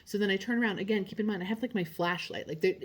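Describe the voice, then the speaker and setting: A woman's voice: mid-range voice, racing, a little hiss or hum. A woman who guides psychic trips, narrating a travel vlog in a chatty, enthusiastic way with lots of casual fillers. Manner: chatty and enthusiastic, with frequent "like" and slang.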